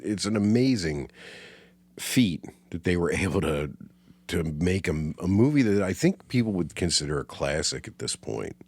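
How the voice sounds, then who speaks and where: A man's voice: low-pitched, no echo. A man co-hosting a casual movie chat, swearing freely and laughing often. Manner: profane, laid-back, laughs often. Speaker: podcast co-host.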